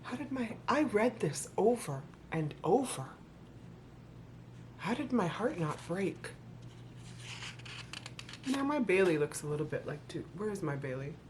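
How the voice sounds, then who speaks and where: A vlogger reads a rhyming children's book aloud, often stopping to make sarcastic, playful comments to her viewers. Her medium-pitched voice swings widely in pitch, moving a little slowly with long pauses, and there is background noise.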